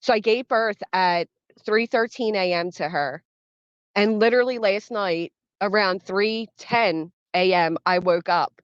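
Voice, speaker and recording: Reading the chat, a livestream host in her thirties greets viewers by name and keeps things casual and conversational. She speaks at a measured pace in a mid-range voice with a clean tone, and the dull, dry recording carries no room sound.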